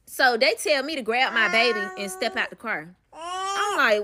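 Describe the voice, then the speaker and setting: A woman's voice: high-pitched, expressive, unhurried, sharp tone, slight background noise. A young woman telling a personal story in a casual vlog, candid and profane, calling the listener "baby".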